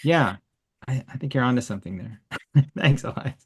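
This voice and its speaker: A man's voice: mid-range voice, expressive, normal speed, a bit bright, breathy edge. A man hosting an online art workshop over a video call, giving enthusiastic, encouraging feedback. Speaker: workshop host.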